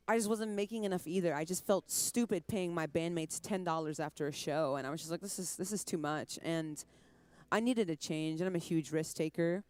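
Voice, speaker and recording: A woman's voice: on the low side, no echo. A woman in her twenties from Trinidad, a musician chatting in an interview with a light Caribbean touch under an American accent, laughing often. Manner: chatty, laughing, quick asides. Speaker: musician guest. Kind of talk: casual interview chat.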